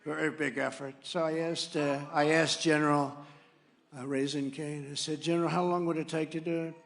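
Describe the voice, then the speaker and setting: An older man telling a rambling, boastful story as a rally speech, swinging from quiet asides to loud punchlines. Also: a little high, little pitch movement, normal speed, vocal fry. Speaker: political speaker at a rally. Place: large rally venue.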